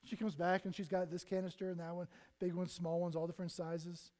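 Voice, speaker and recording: A man preaching a sermon in earnest, his voice swelling loud and then dropping almost to a hush, acting out prayers and Bible figures as he goes. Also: high voice, flat delivery, a little fast. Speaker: pastor.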